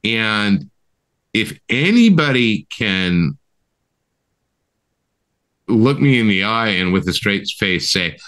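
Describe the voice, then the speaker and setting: A man's voice: fairly low pitch, very animated, slow pace, long pauses, fairly bright tone. A man co-hosting a podcast, ranting with heated, emphatic and profane talk, often asking "right?". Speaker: co-host. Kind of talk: impassioned podcast rant.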